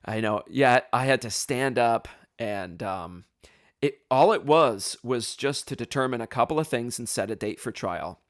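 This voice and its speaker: A man hosting a podcast, telling a personal story in an animated, self-deprecating way, with plenty of ums and restarts. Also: mid-range voice, unhurried, no echo, clean studio sound. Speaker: podcast host.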